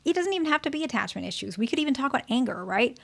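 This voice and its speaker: A woman's voice: sits high, big pitch swings, rapid-fire, vocal fry, fairly bright tone. A woman therapist giving an educational talk to camera, conversational and often checking in with the listener. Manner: conversational, keeps checking in with "right?" and "okay?".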